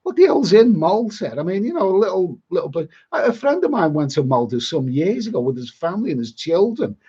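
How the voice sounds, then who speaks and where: A man with a Liverpool accent chats casually on a live stream, rambling and blunt, with a fair bit of grumbling. His voice sits fairly high and a little husky. The sound is dull and lo-fi. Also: big pitch swings, fairly quick, mellow. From Liverpool, England. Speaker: travel vlogger.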